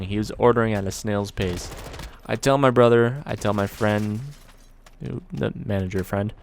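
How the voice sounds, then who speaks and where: Gravelly young man telling a story. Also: fairly low pitch, slight background noise. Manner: relaxed, conversational, swears casually. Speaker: storyteller, video creator. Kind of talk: casual storytelling vlog.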